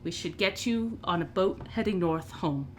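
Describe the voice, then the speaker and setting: A woman voicing a grateful, battered male prisoner who is humble and devout, speaking softly and earnestly. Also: lowish voice, animated, moderate pace, a little hiss or hum, close to an everyday voice.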